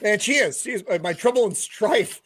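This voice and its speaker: A man's voice: high voice, animated, normal speed, a bit bright, slight background noise. An American man hosting a casual video-call panel chat, giggling and incredulous as he reads out odd slang.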